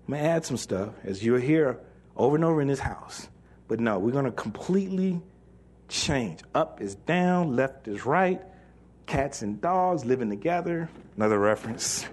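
A male pastor delivers a sermon with lively humor, reading from scripture and imitating the voices of doubters. His voice sits in the mid range.

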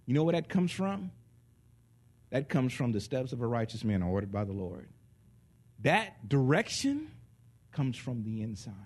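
A man preaching a sermon in an animated way, acting out little voices and laughing along with his listeners. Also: medium pitch. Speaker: pastor.

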